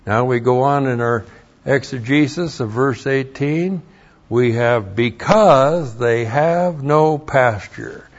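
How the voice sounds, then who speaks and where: A man teaching a verse-by-verse lecture on scripture, slow and methodical, spelling words out letter by letter, with blunt, emphatic asides. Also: mid-range voice, lo-fi sound. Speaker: Bible teacher.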